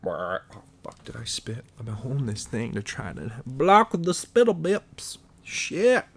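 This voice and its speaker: A man's voice: medium pitch, very animated, measured pace, vocal fry, a bit bright, breathy edge. A man hosting a podcast, musing in a profane, stream-of-consciousness comedic monologue full of restarts and stumbles. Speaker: podcast host.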